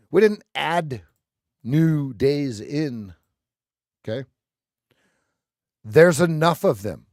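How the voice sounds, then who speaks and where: A man's voice: a little high, no room sound, studio quality. A man hosting a live trading stream, ranting bluntly and sarcastically in casual chat.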